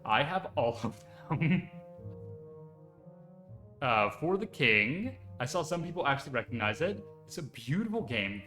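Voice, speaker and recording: A man streaming live, chatting casually and excitedly, rambling with lots of fillers. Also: medium pitch. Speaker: VTuber streamer. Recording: echoey room with faint music behind.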